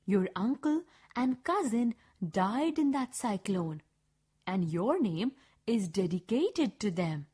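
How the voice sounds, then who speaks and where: Lady reading as a gentle calm teacher, soft and breathy, unhurried. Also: mid-range voice, voice pushed down, heavily acted. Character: kind, calm female schoolteacher, gently encouraging.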